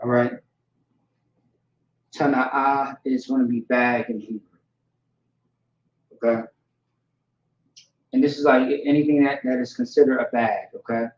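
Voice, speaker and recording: A man leads a casual word lesson, saying each term over several times and pausing often to check in. His voice is mid-pitched and sits in a roomy, echoing space. The recording is dull and lo-fi. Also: steady tone, slight background noise. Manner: repeats words slowly and checks in with "all right" and "okay". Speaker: language teacher. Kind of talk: informal vocabulary lesson. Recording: echoey room, dull lo-fi sound.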